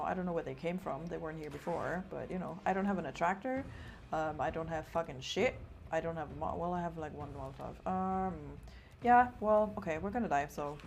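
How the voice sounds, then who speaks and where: A woman's voice: low voice, vocal fry, a little hiss or hum. A young woman with an accent gives casual, playful live-stream commentary on a horror game. She swears a lot and scolds the characters on screen, talking from a room at home. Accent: non-native.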